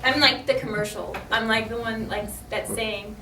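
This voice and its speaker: A young voice actress answering convention panel questions in a giggly, chatty, self-deprecating way. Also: female voice, fairly high pitch, fairly even intonation, moderate pace, noisy background. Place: large convention hall. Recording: echoey hall from far off.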